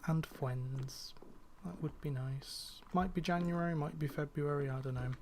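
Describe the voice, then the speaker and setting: Young guy from the northwest, bit higher voice, rambly gaming chat with lots of ums, slight hiss behind. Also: a little slow, darkish tone. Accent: faint northern English, fairly neutral. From northwest England. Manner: chatty, rambling, many fillers and restarts. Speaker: gaming channel host.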